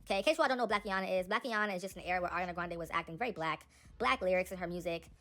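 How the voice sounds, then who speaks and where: A young woman giving casual, animated celebrity gossip commentary, talking straight to her viewers. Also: on the low side, racing, soft background music.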